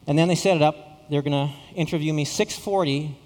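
A middle-aged male pastor from Saskatchewan tells a story in a sermon, stumbling and repeating his words with self-deprecating humor. His voice sits a bit high for a man. It rings with the long reverb of a big hall. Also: brisk, darkish tone. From Saskatchewan, Canada.

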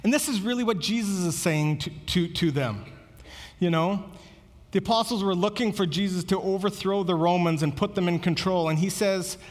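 A man's voice: high voice, moderate pace, big-room sound. A man preaching a sermon as pastor, earnest and conversational, often repeating words as he goes.

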